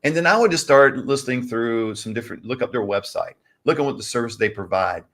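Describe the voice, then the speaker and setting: A man's voice: mid-range voice, animated, a little fast, fairly bright tone. Chatty man rambling advice. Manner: rambling, addresses viewers as guys. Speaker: co-host. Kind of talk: casual advice chat. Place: lives in California.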